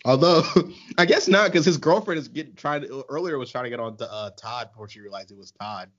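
A man co-hosting a casual podcast chat, animated and exasperated, laughing often. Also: medium pitch, brisk. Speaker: podcast co-host. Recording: muffled lo-fi.

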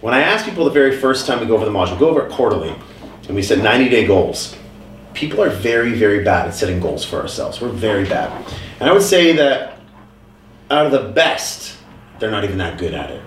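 A fast-talking man hosts a loose chat among friends, telling stories with animated energy and casual swearing. The voice sits at an ordinary pitch for a man. He sounds roomy and distant, as if picked up by a phone across the room. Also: slight background noise. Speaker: podcast host.

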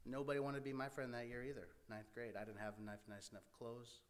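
A man telling a personal story from his youth in an earnest, halting way, with many fillers and restarts. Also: medium pitch, steady tone. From American Midwest. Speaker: speaker sharing his life story.

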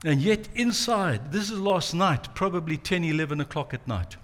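A man's voice: on the high side, animated, moderate pace. A man giving a sermon, telling the story dramatically and acting out the quoted lines. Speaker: pastor.

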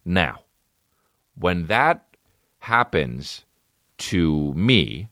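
A man's voice: sits low, big pitch swings, drawn-out words, a bit bright, no room sound, studio quality. A man in his thirties hosting a podcast, telling rambling, profane, self-deprecating stories in a casual comedic way. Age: 30s. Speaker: podcast host.

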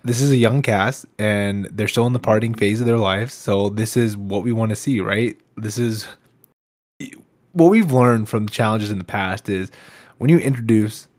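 A man co-hosts a podcast, chatting about a reality show in a quick, agreeable, upbeat way. His voice is fairly low and sounds dry and close, with little room sound around it. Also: darkish tone, dry recording. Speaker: podcast co-host. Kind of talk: casual reality-show recap chat.

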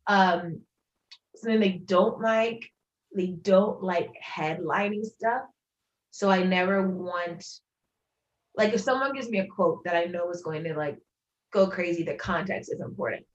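Relaxed journalist woman, muffled sound. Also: on the low side, measured pace. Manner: relaxed, filler-heavy, frequent "like". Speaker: journalist guest. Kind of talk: casual interview conversation.

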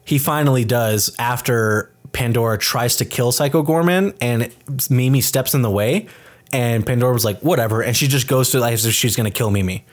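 A man in casual podcast chat, retelling a film scene by scene. He talks with animated energy and breaks into raised, mocking voices to act out the characters. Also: mid-range voice, fairly quick. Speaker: podcast co-host. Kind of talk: casual movie review chat.

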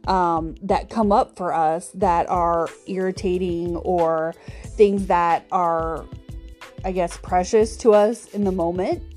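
Alone at the mic, this podcast host keeps her monologue casual, sprinkling in plenty of fillers and small laughs. She has a lowish, mellow voice.

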